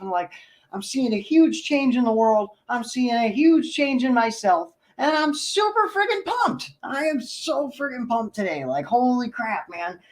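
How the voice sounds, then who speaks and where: A man hosting his own livestream, talking excitedly and rambling to his viewers. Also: very high-pitched, rough recording. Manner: hyped and pumped, loosely rambling, addresses viewers directly. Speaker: livestream host.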